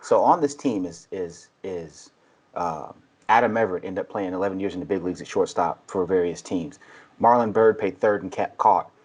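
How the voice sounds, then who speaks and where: A man in his forties with a low, husky voice, telling long stories on a podcast. He acts out the people he quotes with animated shifts. The tone is casual and conversational. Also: normal speed. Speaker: podcast guest, baseball coach. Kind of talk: casual storytelling.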